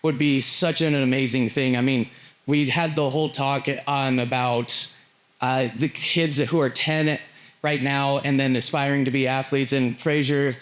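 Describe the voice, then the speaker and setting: Earnest eighteen-year-old athlete giving a speech. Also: male voice, mid-range voice, fairly even intonation, unhurried. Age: teens. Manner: earnest, uses "like" and "just". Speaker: young athlete. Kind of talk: nervous public remarks.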